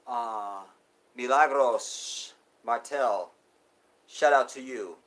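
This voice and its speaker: A man hosting a live stream, preaching to his viewers and calling them y'all, swinging from loud outbursts to near whispers. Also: medium pitch, very slow. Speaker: livestream host.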